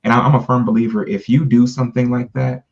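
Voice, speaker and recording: A man's voice: mid-range voice, flat delivery, fast talker, gravelly, a little mellow, dull audio. A man in casual podcast conversation, talking earnestly in long, run-on explanations. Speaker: podcast co-host.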